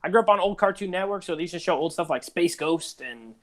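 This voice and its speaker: A man's voice: high voice, lively intonation, quick pace. Rambling man chatting casually. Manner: rambling, heavy use of "like". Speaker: podcast co-host. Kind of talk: casual chat.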